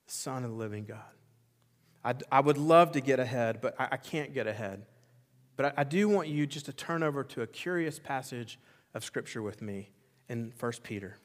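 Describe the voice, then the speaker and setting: A man's voice: mid-range voice, expressive, normal speed. Man preaching in a reverberant church hall. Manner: impassioned preaching with emphatic repetition; swings between loud exclamation and quiet intensity. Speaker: pastor. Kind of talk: sermon. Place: church sanctuary.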